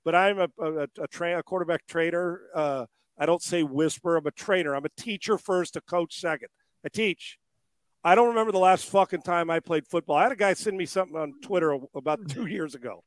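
A man's voice: high-pitched, no echo. A man who trains quarterbacks, telling stories in casual chat, swearing often and laughing as he goes. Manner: profane, animated storytelling with laughs.

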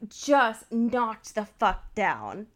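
A woman's voice: on the high side, extremely slow. A woman in casual chat, retelling a show's scenes with lots of swearing and filler words. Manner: animated storytelling with frequent swearing and "like" fillers. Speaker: podcast co-host recapping a TV show.

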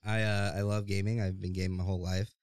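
A man's voice: sits low, flat delivery, quick pace, a little mellow. A young man guesting on a podcast, chatting casually and jokingly, drifting through fillers as he talks. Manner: laid-back, joking, trails off with fillers. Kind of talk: casual chat.

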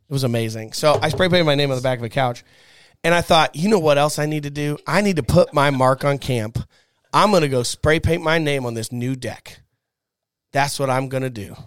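A young man in a casual chat, telling a funny story with lively acted-out quotes and laughter. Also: mid-range voice, clean tone, no room sound, studio quality.

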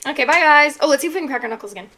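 A woman's voice: high-pitched, lively intonation, rapid-fire, background noise. A young woman co-hosting a podcast, chatting casually and rambling with lots of fillers. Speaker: podcast co-host. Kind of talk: casual chat.

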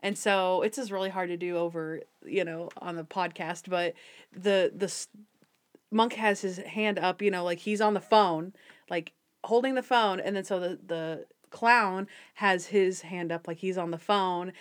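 A woman's voice: fairly low pitch, unhurried, no echo, clean studio sound. A young woman co-hosting a podcast, casually recapping a TV episode and animatedly acting out scenes. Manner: animated retelling, acts out scenes, laughs a lot. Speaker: podcast co-host.

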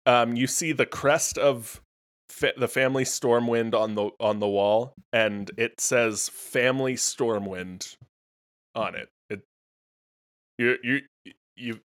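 A man narrates as game master of a tabletop role-playing game. He speaks in halting bursts full of ums and restarts as he sets each scene. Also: mid-range voice, steady tone, a bit bright.

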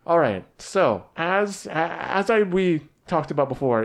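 A young man narrating a tabletop game as game master on a podcast, measured and relaxed, with small restarts. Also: on the high side. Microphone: podcast mic at a table.

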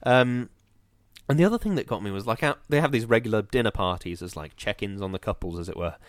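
A man's voice: on the low side, fast talker, no room sound. A man, chatting casually over a video call and telling a long story with lots of fillers. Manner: rambling, animated storytelling with fillers. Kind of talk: casual chat.

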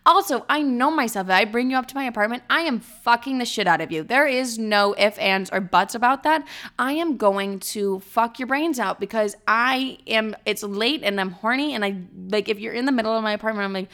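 A young woman telling a dating story in a blunt, profane, animated way. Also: on the high side, brisk. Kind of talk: casual storytime monologue.

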